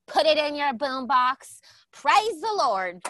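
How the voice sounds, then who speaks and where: A woman's voice: sits high, very animated, slow, sharp tone, a little hiss or hum, full character voice. A woman playing a bubbly 1980s valley girl guest on an improvised comedy podcast, gushing in slang.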